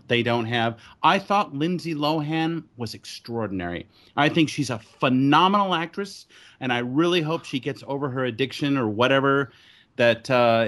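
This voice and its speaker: A man's voice: medium pitch, a bit bright. A middle-aged man, co-hosting a podcast and reviewing a film in casual, blunt and profane chat. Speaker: podcast co-host.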